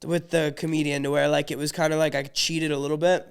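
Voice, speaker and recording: A man co-hosting a casual podcast, hoarse and losing his voice, telling a profane story and acting out the people in it. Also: on the high side, level tone, quick pace. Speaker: podcast co-host.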